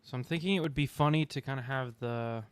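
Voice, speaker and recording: A young man chatting casually on a game stream, rambling with fillers, clearing his throat and hiccuping now and then. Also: mid-range voice, fast, no room sound. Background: faint music.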